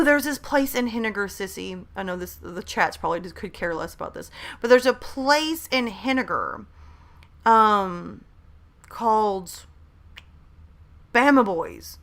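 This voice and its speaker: A bright-voiced woman in her thirties talks into a desk mic at her laptop during a home live stream. She is hyper and chatty, greeting viewers and reading their messages aloud. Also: medium pitch. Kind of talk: casual live stream chat. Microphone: desk microphone at a laptop.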